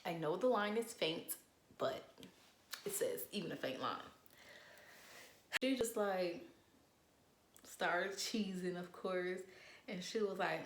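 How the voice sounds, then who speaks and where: Young woman, low voice, lively storytelling, swears a lot, echoey room. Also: takes it slowly, long pauses, a little hiss or hum. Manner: animated, profane, quotes people in voices. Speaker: vlogger. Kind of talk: casual storytime.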